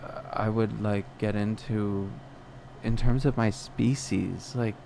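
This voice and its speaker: Slow, gravelly man musing to himself. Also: on the low side, fairly even intonation, mellow, a little hiss or hum. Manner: rambling, self-questioning, many restarts and fillers. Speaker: podcast host. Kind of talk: personal reflective monologue.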